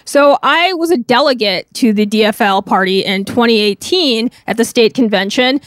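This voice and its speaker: A fairly high-voiced woman from Minnesota, telling a story as a guest on a talk show. She is animated and laughs often, with loose filler words throughout. The room is dry and close, with no echo. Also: moderate pace. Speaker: podcast guest, crop artist. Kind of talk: casual storytelling.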